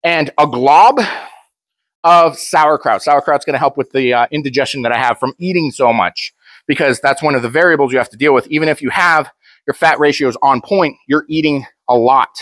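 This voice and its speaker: A man's voice: medium pitch, moderate pace, a bit bright, dry recording. A young man talking casually to camera, blunt and joking, rambling with frequent restarts. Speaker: powerlifter vlogger.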